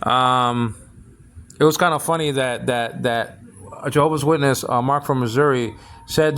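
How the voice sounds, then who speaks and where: Male teacher leading a relaxed Bible Greek lesson; stop-start delivery with many restarts. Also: medium pitch. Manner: halting, full of restarts and repeated words; keeps asking "you understand what I'm saying?".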